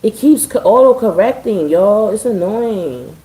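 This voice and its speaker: Chatty woman with a mellow voice. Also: mid-range voice, animated, a little slow, roomy sound, low-quality recording. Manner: chatty, profane, addressing viewers as y'all; dry sarcasm. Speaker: live streamer. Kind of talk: casual live-stream chat.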